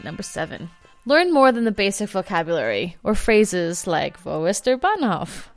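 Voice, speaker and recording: Chatty woman vlog host, self-deprecating, with soft music behind. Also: mid-range voice. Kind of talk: casual travel chat.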